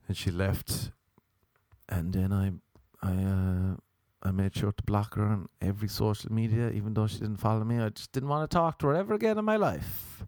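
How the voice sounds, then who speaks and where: A young man telling a comic story in a casual style, animated and profane, jumping into high silly voices for his own reactions. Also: no echo.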